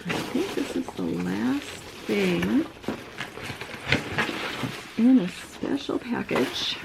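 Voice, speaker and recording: A woman's voice: fairly high pitch, animated, extremely slow, vocal fry, very noisy. An older woman vlogging from home, chatting casually and rambling, with frequent fillers and restarts. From Southern California. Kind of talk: casual unboxing chat.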